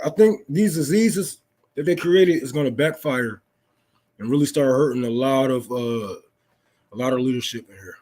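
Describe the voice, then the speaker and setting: A man's voice: mid-range voice, normal speed, darkish tone. A young man in an unscripted political rant, profane and fired-up, preaching to his listeners. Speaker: political talk host.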